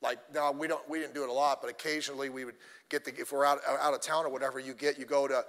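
A male pastor preaching a sermon, telling stories in an animated way and addressing the congregation directly. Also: mid-range voice, fast, long reverb tail.

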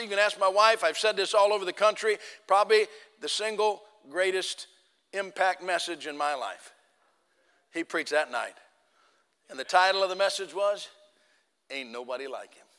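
A man preaching, telling a story with lively quoted voices and loud outbursts. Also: sits high, normal speed, clean tone, in a large hall. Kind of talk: sermon storytelling.

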